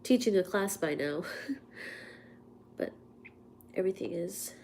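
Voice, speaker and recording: Casting: congested woman with a cold, unhurried, chatty livestream host, faint hum behind. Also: lowish voice, animated, vocal fry, a little mellow. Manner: chatty, laughs at herself, coughs between lines. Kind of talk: casual livestream chat.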